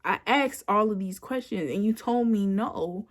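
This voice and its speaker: A woman's voice: medium pitch, measured pace. A woman in her twenties telling a personal story in a casual, rambling way, full of "like" and "you know", recorded on a phone camera at home. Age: 20s. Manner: animated when quoting herself. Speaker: vlogger.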